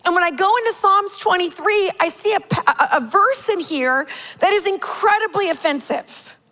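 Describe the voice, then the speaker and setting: High-voiced woman preaching in a reverberant hall. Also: moderate pace. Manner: animated storytelling with playful exaggeration. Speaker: pastor's wife preaching. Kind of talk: sermon.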